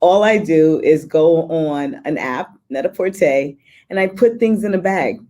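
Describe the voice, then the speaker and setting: A woman's voice: sits low, animated, unhurried, warm tone. A woman moderating a panel, casual, chatty and affirming.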